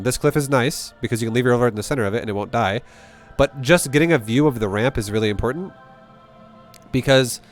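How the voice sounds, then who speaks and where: A StarCraft coach with a medium-pitched voice walks a player through a replay. His commentary is casual and blunt, and he curses freely and repeats his points to hammer them home.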